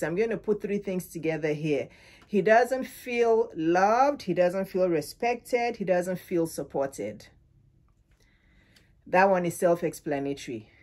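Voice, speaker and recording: Middle-aged female coach, candid and chatty, punchy repeated lists, light laughs throughout, a touch low-pitched. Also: darkish tone. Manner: frank and candid, laughs often mid-sentence; repeats and stresses words in lists. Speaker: relationship coach. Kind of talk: direct-to-camera advice talk.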